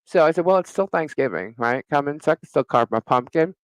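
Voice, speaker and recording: Talking fast in a fairly high voice, a middle-aged man co-hosting a live talk show recounts a neighbor story in casual chat. He's animated, laughs frequently and curses freely. The recording is dry and the audio poor.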